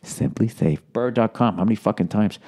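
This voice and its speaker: A man's voice: fairly low pitch, a little fast, warm tone. A man, hosting a podcast and reading ads sarcastically, riffing off the copy with swearing. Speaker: podcast host. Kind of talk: casual podcast ad read.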